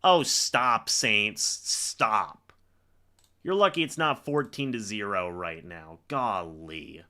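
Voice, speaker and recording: Slow and forceful, with a lowish, bright voice, a streamer calls the action play by play. He lashes out at the officials, clearly exasperated.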